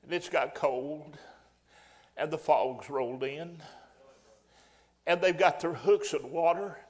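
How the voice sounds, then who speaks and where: High-voiced preacher, folksy and emphatic. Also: male voice, slow pace. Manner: folksy, rising to loud emphatic bursts. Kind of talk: sermon.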